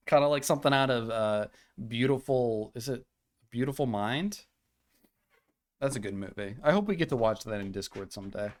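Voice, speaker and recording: A man's voice: medium pitch, a little hiss or hum. A young man streaming live, chatting and rambling casually with frequent laughs.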